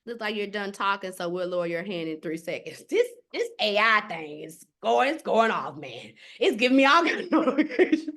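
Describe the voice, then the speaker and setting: A woman teaching a live online astrology class in an animated, conversational way, often checking in with her listeners. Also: mid-range voice, fairly quick, few pauses.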